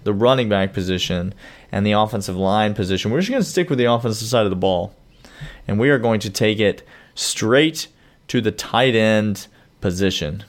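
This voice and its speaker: A man's voice: fairly low pitch, normal speed. Man, podcast co-host, casual banter, playful, teasing. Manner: playful, builds to excited mock outrage.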